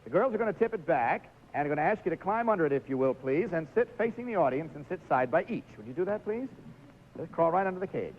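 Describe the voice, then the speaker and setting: A man's voice: a little high, sing-song, quick pace. A man hosting a live studio game show, jovially coaxing contestants through stunts in an old 1950s TV recording. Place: television studio with audience. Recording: dull lo-fi 1950s TV recording, faint hiss.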